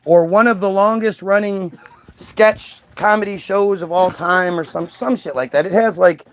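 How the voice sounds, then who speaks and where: Middle-aged male podcast host, high-pitched, rambling and profane, casual. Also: moderate pace. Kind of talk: casual chat.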